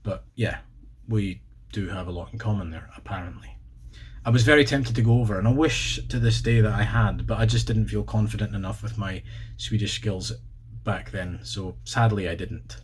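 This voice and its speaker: A man's voice: lowish voice, moderate pace, a little hiss or hum. A Scottish man hosting a casual video, spelling out words letter by letter and slipping in dry jokes. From Scotland. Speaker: video host. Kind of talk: casual explanatory vlog.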